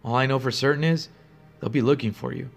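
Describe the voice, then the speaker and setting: Scared female nurse voiced by a male narrator, trembling and hushed, soft music behind. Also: mid-range voice, fast, gravelly. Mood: fearful hushed. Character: frightened female nurse, urgent and secretive.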